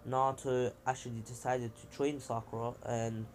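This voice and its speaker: A man's voice: mid-range voice, little pitch movement, moderate pace, a little hiss or hum. A man casually narrating a fan-made story as a channel host, chatty and rambling with fillers and slang.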